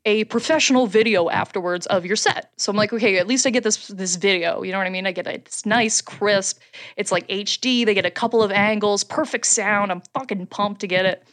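A woman who co-hosts a podcast and does stand-up, telling a story in a loose, animated way, with frequent laughter and casual swearing. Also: mid-range voice, a little fast. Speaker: podcast co-host and stand-up comedian.

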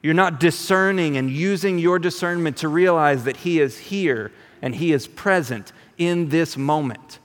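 Pastor, male, fairly high voice, casual preaching, long church reverb. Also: measured pace, few pauses. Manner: conversational, animated, repeats words when restarting. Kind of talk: sermon.

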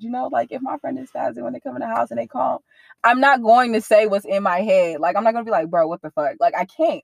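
A young woman speaking candidly in an interview, in casual slang-heavy talk that turns animated when she quotes others. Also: on the high side, creaky, dry recording.

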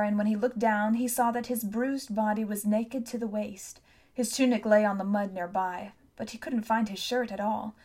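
A woman narrating a novel for an audiobook, measured and even. Her voice sits in a middle range and keeps a steady storytelling pace. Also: medium pitch.

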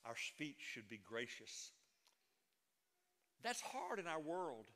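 Pastor guy preaching, folksy storytelling, bright voice, big echoey church. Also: fairly high pitch, very animated, slow. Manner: folksy storytelling, rising to emphatic proclamation. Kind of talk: sermon.

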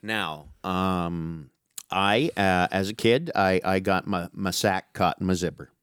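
Middle-aged guy, lowish voice, dry close mic, animated profane storyteller. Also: slow, clear, resonant tone, no echo. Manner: animated, profane, calls listener dude. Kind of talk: casual storytelling chat.

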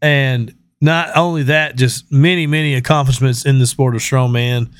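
A man's voice: medium pitch, fairly even intonation, moderate pace, clean tone, no echo, clean studio sound. A man hosting a podcast in casual chat, joking and swearing freely. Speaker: podcast host.

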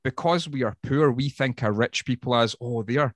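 A man's voice: mid-range voice, moderate pace, no room sound. A Scottish man, a woodworker, talking bluntly and swearing a lot in a casual podcast chat. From Scotland. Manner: sweary, blunt, animated storytelling. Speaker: woodworker guest.

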